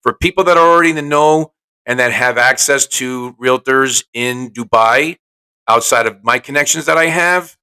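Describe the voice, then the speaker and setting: Brief: chatty male podcast host, salesy and brash, mid-pitched. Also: moderate pace, sharp tone, clean tone, poor audio. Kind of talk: casual solo podcast talk.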